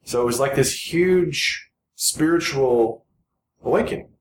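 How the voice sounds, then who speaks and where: A man in his forties, a podcast guest, talking earnestly in a rambling, halting way full of restarts. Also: medium pitch. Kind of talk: casual podcast conversation. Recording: echoey room with noticeable background noise.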